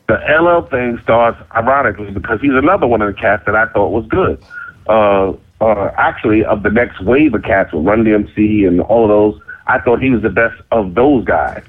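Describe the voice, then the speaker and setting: A middle-aged man spins a cocky, animated story, popping into high squeaky voices for the other people. His tone is husky, and the sound comes through narrow and phone-like. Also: moderate pace. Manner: cocky, self-mocking. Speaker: interview guest. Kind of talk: casual storytelling.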